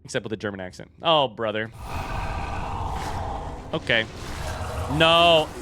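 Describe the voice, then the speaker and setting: A man giving live commentary on a video game, reacting loudly and talking to chat. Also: on the low side, expressive, moderate pace, noisy background. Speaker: streamer playing a video game.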